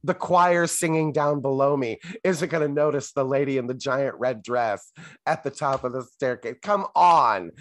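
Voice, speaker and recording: Male co-host, wry and sarcastic, mid-pitched voice, dry sound. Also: no echo. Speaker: podcast co-host. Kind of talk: casual chat.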